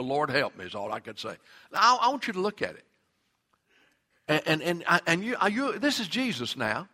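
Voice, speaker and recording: A middle-aged man, a pastor, preaching a sermon in an animated way that swings from loud to hushed. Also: a little high.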